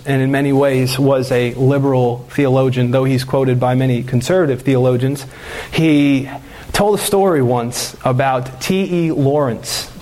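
Earnest preaching man, higher voice. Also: a little mellow. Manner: earnest preaching that swells into fervent exhortation. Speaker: pastor. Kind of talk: sermon.

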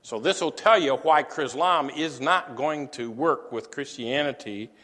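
A man preaching a teaching sermon, halting often with fillers and restarts. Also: mid-range voice, pushed and bright, in a large hall.

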